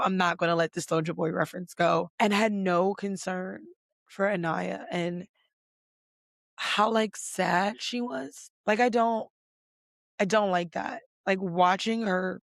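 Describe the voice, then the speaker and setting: Gravelly-voiced woman ranting about reality TV. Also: on the low side, steady tone, slow, no echo, clean studio sound. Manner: emphatic, heavy swearing, lots of "like" fillers; fired up, rising loud when indignant. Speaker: podcast host. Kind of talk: casual reality TV recap.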